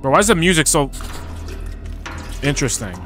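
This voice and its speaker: A young man commentating a horror game he is playing, loud, profane and joking as he talks back at it. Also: a little high, lively intonation, a little fast. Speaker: gaming streamer. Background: game music.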